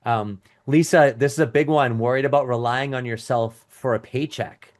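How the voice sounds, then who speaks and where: A middle-aged man coaching a live webinar over a video call, his voice sitting at an ordinary middle pitch. He talks in a loose, conversational way, restarting sentences and reading chat comments aloud to his audience. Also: fairly even intonation, normal speed. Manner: casual and conversational, with restarts and asides. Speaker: business coach.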